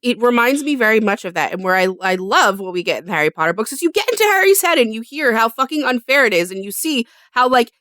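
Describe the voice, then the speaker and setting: A woman's voice: on the high side, lively intonation, fast, hardly any pauses, a bit bright, dry recording, studio quality. A woman co-hosting a casual podcast chat, making emphatic points and swearing freely. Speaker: podcast co-host.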